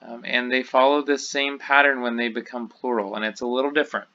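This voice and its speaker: A man's voice: mid-range voice, fairly even intonation, fairly quick, pushed and bright, highs cut off. A man teaching a recorded Hebrew grammar review, explaining patiently with frequent ums and uhs. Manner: patient, explanatory, with many fillers.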